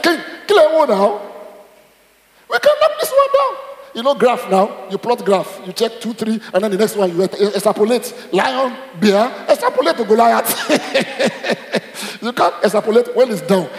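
A middle-aged Nigerian pastor preaching with a high, lively voice that leaps between excited cries and low asides. The recording is roomy, with a long reverb that carries through the church hall. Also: male voice. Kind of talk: sermon.

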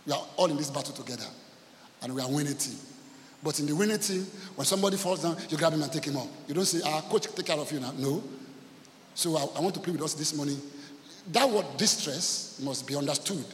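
Preaching as pastor, a Nigerian-accented man talks fast in a fairly bright, high-leaning voice, drawing the congregation into rhythmic call-and-response with emphatic repetition. The church hall recording echoes with long reverb and carries slight background noise.

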